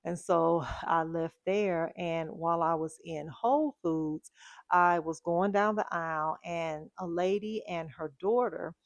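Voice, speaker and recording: Woman vlogger, lowish voice, dry close mic, chatty storyteller. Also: a little slow, no echo, dull audio. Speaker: fragrance vlogger. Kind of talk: casual chat.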